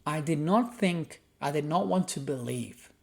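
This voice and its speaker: A man's voice: a little high, animated, measured pace, gravelly, darkish tone. An Australian man hosting a podcast, delivering a heated, profane solo rant. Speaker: podcast host.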